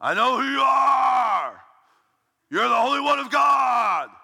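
A man voicing a demon speaking through a possessed man, shouting slowly and drawing out the words. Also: extremely high pitch, lively intonation, vocal fry, slightly rough, long reverb tail, voice pushed up, full character voice. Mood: menacing. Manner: slow, drawn-out shouting.

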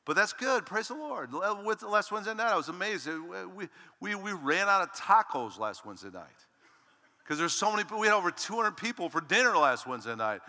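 A male pastor preaching a lively, emphatic sermon to his congregation and calling out "Amen?" as he goes. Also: high-pitched, brisk, in a large hall. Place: church sanctuary.

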